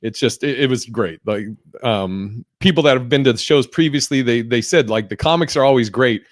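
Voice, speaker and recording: A man's voice: medium pitch, normal speed, dry recording, studio quality. A man hosting a podcast in casual chat, loose and profane, with many fillers and restarts. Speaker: podcast host.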